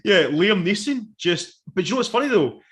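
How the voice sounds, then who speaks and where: A man, co-hosting a casual review chat, animated and sweary, acting out quotes. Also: sits high, normal speed. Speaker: podcast co-host.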